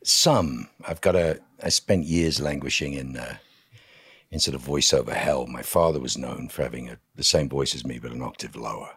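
A man, an actor guest on a podcast, telling stories in a lively, emphatic casual interview. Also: very deep voice, moderate pace, slightly rough, no room sound, studio quality.

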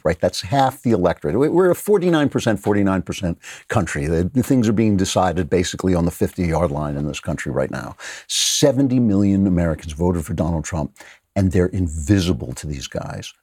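Talk show host, male, lower register, sarcastic to emphatic, bone-dry studio mic. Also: breathy edge, no room sound. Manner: mocking, laughing, then forceful and emphatic. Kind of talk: sarcastic political commentary.

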